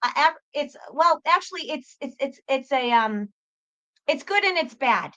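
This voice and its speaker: High, bright woman, dull audio. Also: animated, unhurried. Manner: emphatic, repeats words, swears. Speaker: psychic guest. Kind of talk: casual chat.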